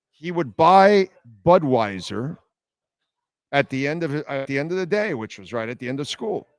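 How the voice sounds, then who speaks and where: With a medium-pitched voice and no echo, a Miami sports radio host chats casually on a live stream. He wanders through a story laced with profanity and reads comments from the chat.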